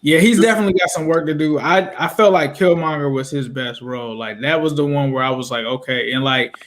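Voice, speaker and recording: A man hosting a casual live-stream chat, animated and leaning on "bro" as he talks. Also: fairly high pitch, fast talker. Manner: animated, says bro a lot. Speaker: host.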